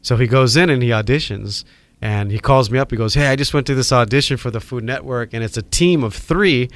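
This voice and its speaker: A middle-aged man from Hawaii with a Hawaiian accent, telling animated stories as a podcast guest. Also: medium pitch, brisk, dry recording. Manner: animated storyteller acting out quoted voices. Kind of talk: storytelling in a podcast interview.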